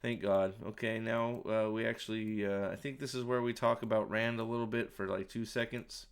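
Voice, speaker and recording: A man's voice: on the low side, fairly even intonation, normal speed, vocal fry, smooth. A man giving casual, sarcastic commentary while watching a show, mocking scenes and swearing freely. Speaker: show reviewer. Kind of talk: casual commentary over playback.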